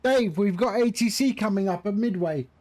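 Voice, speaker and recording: A man's voice: high voice, moderate pace, a little mellow, slight background noise. A man casually chatting with his live-stream viewers while flying a simulator, greeting them by name and joking around. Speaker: flight sim streamer.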